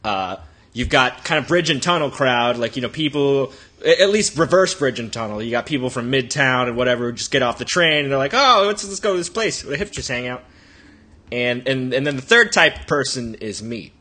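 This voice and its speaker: A man's voice: mid-range voice, animated, brisk, pushed and bright, slightly rough. A man co-hosting a podcast, telling a rambling, profane anecdote in casual chat. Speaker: podcast co-host.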